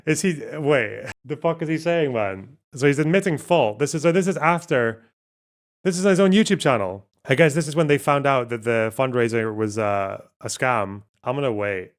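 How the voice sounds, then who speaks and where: A male streamer talks loosely over clips he is watching, with a middle-pitched voice, quick curses and frequent laughter. His delivery is offhand and self-mocking, and he stumbles as he reads translations aloud on the fly. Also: animated. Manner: casual, profane, laughs often, self-mocking. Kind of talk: live-stream commentary.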